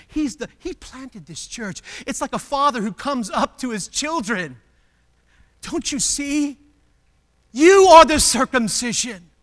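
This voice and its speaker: A pastor with a high voice preaches an emphatic sermon packed with rhetorical questions. He swings from loud declarations to hushed, intimate passages.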